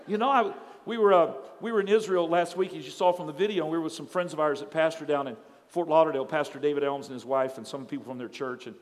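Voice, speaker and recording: A middle-aged man pastor preaching a sermon in a church, telling stories with animated energy and building to shouts. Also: on the high side, fast talker, big-room sound. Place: church sanctuary.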